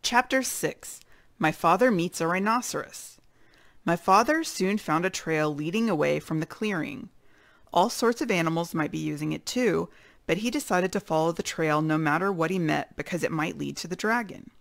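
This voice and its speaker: A woman reading a children's chapter book aloud with expressive storytelling. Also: lowish voice, normal speed, vocal fry, dry recording. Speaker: read-aloud narrator.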